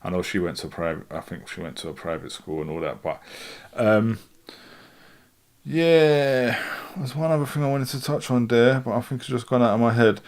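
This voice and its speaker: A man's voice: mid-range voice, lively intonation, normal speed, a little mellow. A man in his thirties with a London accent, chatting casually on a livestream and reading out comments, rambling with fillers and frequent laughs. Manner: rambling, laid-back, laughs often, many fillers and restarts. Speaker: rapper and livestream host.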